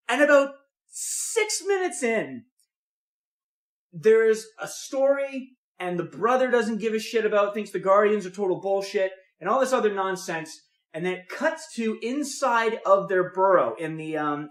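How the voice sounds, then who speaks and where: A young man on a podcast, telling a long story in casual chat with lots of swearing, animated and acting out what people said. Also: high voice, a little fast, reverberant. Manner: profane, animated storytelling with voiced reactions. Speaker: podcast co-host.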